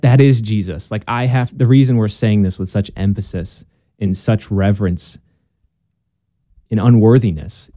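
A young man speaks as a guest in an unhurried conversation, earnest and a little halting as he restarts his sentences. His voice is very dark and mellow, sitting on the low side. The sound is dry and close. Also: no room sound. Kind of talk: casual conversation.

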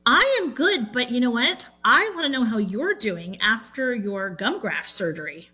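A female podcast co-host chatting casually, friendly and quick to chime in. Her voice is bright and slightly breathy, with a lively, rising pitch. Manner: friendly, short interjections. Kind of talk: casual chat.

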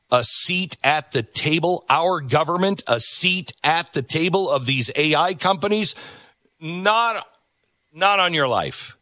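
A middle-aged man delivers pointed opinion commentary as a talk show host. His voice is bright and lively in pitch, recorded dry and close. He leans on repetition to drive each point home. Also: no room sound. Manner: emphatic, repeats words for stress.

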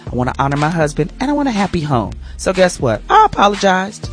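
A middle-aged woman hosting a radio morning show, telling a personal story with lively, preachy lessons and calling listeners y'all. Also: on the low side, quick pace, soft background music. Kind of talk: casual testimony with sermon-like lessons.

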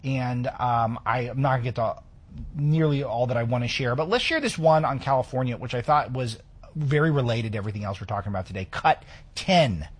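A man's voice: medium pitch, lively intonation, fairly quick, slightly rough. A man hosting a political talk radio show, delivering sarcastic, indignant commentary.

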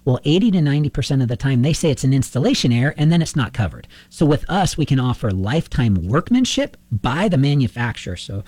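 A man's voice: medium pitch, fast talker, hardly any pauses, no echo. A man, a roofing contractor, telling a long anecdote in a casual interview and acting out both sides of the conversations. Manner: animated anecdotal storyteller, acts out dialogue.

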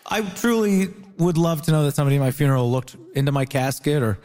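A comedian from Ontario doing stand-up with wry, deadpan punchlines. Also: male voice, a little high, quick pace, long reverb tail. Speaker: comedian, debater.

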